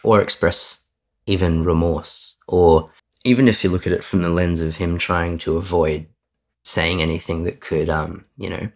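A man with a very low voice talks candidly as a guest in an interview. There's a gravelly rasp under his words. He is earnest and often backs up to correct himself mid-sentence. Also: fairly even intonation, normal speed. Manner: earnest, with frequent restarts and self-corrections. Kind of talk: candid conversational storytelling.

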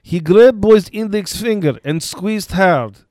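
A man hamming up a stiff male Russian news voice, pitched well above his usual register and reading in clipped, broken English. He keeps a mock-grave tone, and the sound is close and dry. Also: lively intonation, slow pace, a little mellow, dry recording. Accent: put-on Russian.

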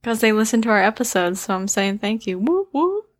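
A woman co-hosting a casual podcast, chatty and quick to laugh as she reads out listener shout-outs. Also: mid-range voice, steady tone. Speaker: podcast co-host.

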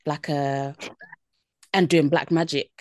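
A woman's voice: low voice, fairly even intonation, slow pace, darkish tone, no room sound, clean studio sound. A woman, co-hosting a podcast and telling stories in a laid-back way with many fillers. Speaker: podcast co-host. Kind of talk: casual chat.

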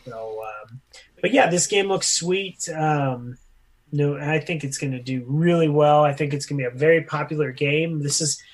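Guy cohosting a podcast, kinda high voice, loose and jokey. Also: normal speed. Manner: jokey, riffs into goofy voices. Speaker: podcast co-host. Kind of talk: casual chat.

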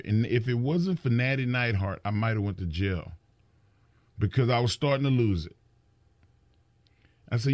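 A middle-aged man talking in a casual chat, his pitch rising and falling a lot as he acts out what others said. He often stumbles and repeats words at the start. The sound is close and dry, with no room echo. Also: moderate pace, pauses often. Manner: animated storyteller, acts out quotes, repeats words. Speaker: wrestling podcast co-host.

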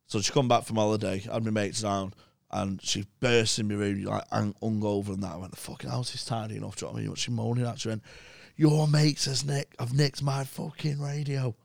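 A man's voice: fairly low pitch, quick pace, gravelly, few pauses, no room sound, studio quality. A young English man, a podcast guest, telling rambling, swear-filled stories in casual chat. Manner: swears a lot, rambling animated anecdotes.

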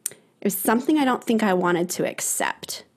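A young adult woman, a runner and guest, speaking earnestly and hesitantly in casual conversation, with pauses and restarts. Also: medium pitch, animated.

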